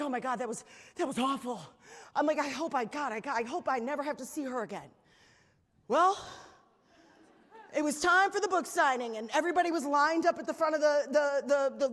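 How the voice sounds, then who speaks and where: A woman giving a motivational stage talk, telling stories in an animated, chatty way to a live audience. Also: high-pitched. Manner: animated storytelling, chatty fillers. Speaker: keynote speaker. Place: large hall with live audience. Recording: reverberant hall.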